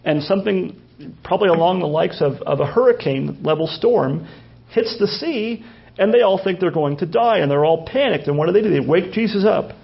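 A man's voice: sits high, lively intonation, a little fast, gravelly, highs cut off. A male pastor preaching a conversational sermon with folksy asides and frequent restarts.

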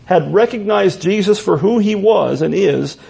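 A man's voice: high-pitched, lively intonation, measured pace, gravelly, mellow, slightly rough. A man preaching an expository sermon as a pastor, earnest and explanatory, often restarting his phrases.

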